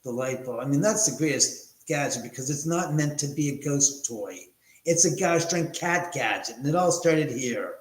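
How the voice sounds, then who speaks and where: A man chatting loosely on a livestream from a room in a house. His talk wanders and jokes as he goes, in a voice of middling pitch. The room gives an echoey ring. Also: animated, moderate pace. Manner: rambling, jokey, easily distracted. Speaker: livestream host. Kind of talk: casual livestream chat.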